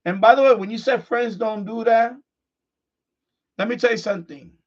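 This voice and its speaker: A man's voice: extremely high pitch, moderate pace. A middle-aged man hosting a live stream, talking bluntly off the cuff, frustrated, repeating himself and restarting his sentences. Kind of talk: unscripted live-stream monologue. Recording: dull lo-fi stream audio.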